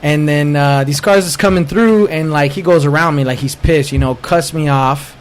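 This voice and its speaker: A man's voice: fairly high pitch, normal speed. A young man hosting a casual podcast chat, telling stories in a laid-back way, swearing freely and often restarting his sentences. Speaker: podcast host.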